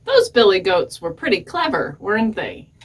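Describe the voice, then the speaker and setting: A woman librarian telling a story to young children in a gentle, expressive way. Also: medium pitch, normal speed, a little hiss or hum.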